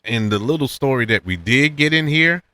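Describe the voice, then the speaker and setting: A man hosting a casual spoken movie review, animated and chuckling often, his voice jumping up high to make a point. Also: moderate pace, no echo. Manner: animated, laughs often, pitch jumps up high for emphasis. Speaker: podcast host reviewing films.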